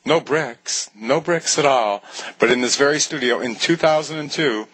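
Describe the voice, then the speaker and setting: A man's voice: medium pitch, normal speed, a bit bright, breathy edge, rough recording. An older man co-hosting an online talk show, telling jokey stories in casual chat from a small studio. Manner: jokey, self-mocking storyteller.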